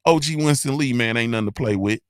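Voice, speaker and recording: A male host doing casual livestream shout-outs in a loud, hyped, sing-song roll call full of slang. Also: mid-range voice, fast, dry recording, clean studio sound.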